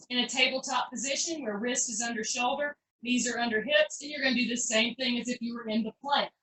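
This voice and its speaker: A woman leads a live online pilates class, calling out each move in an upbeat, chatty, encouraging way with folksy phrases. Her voice is high, pushed and bright, and it comes from far off in an echoey room.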